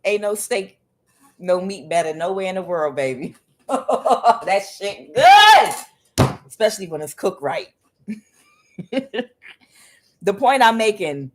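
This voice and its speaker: A tarot reader with a fairly low-pitched, darkish voice gives a casual reading, chatting profanely with lots of fillers and calling the listener honey and child.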